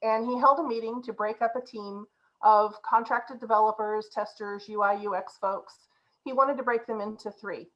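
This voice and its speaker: A woman agile coach telling a story to a group in an animated way, laughing now and then. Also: on the high side, normal speed, muffled recording.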